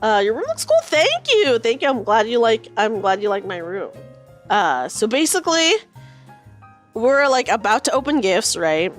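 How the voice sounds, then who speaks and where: A woman's voice: fairly high pitch, wildly swooping pitch, moderate pace, soft background music. A woman in her thirties chatting with her stream viewers from her room, telling a rambling story full of fillers and swearing now and then. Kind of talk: casual chat with live viewers.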